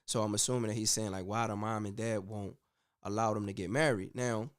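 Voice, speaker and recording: A man hosting a casual commentary show, talking in an animated, slangy way with frequent "you know what I'm saying.". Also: fairly low pitch, a little fast, clear, resonant tone. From United States. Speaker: host.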